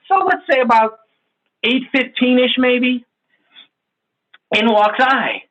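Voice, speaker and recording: A man presenting a sales workshop over a video call. His high, lively voice tells the story in an animated, conversational way, and the tone is bright with a husky edge. The audio is dull and lo-fi. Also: takes it slowly, pauses often. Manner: animated, conversational, checks in with the audience. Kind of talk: sales training talk with storytelling.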